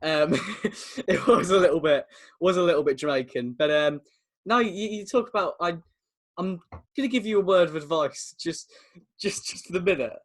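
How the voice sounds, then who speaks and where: A man's voice: high-pitched, normal speed. A young man in his twenties with an English accent, co-hosting a casual podcast chat over a video call, chatty and laughing often as he tells stories. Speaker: podcast co-host.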